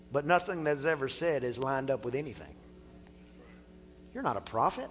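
A male pastor preaching a sermon in a church, animated and playful, acting out little dialogues as he talks. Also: medium pitch, normal speed, pauses often, long reverb tail. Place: church sanctuary.

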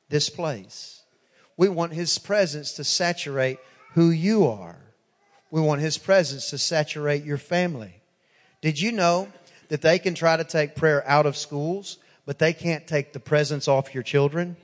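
A man's voice: fairly high pitch, a bit bright. Emphatic male pastor in an echoing hall. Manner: emphatic and repetitive, retelling dialogue with many "I said". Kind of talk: sermon. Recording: echoey church hall.

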